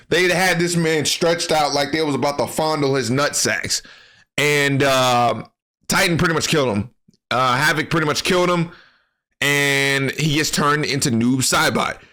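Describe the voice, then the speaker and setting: Man, casual game recap, bright voice, loose profane slang, rambling delivery. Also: medium pitch. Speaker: gaming commentary creator. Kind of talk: casual gaming commentary.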